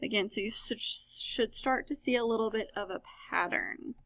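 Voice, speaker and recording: A woman's voice: a little high, moderate pace, fairly bright tone, no echo. A woman teaching a recorded lesson as a Spanish teacher, upbeat, asking and answering her own questions with many ums. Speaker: high school Spanish teacher.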